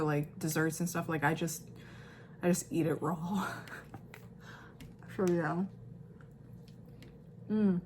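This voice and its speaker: A mother in her thirties talks through her day in a casual home vlog, rambling and restarting her sentences. Her voice sits low for a woman, with faint noise in the background. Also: a little mellow. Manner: rambling, filler-heavy, self-correcting. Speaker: vlogger, mother.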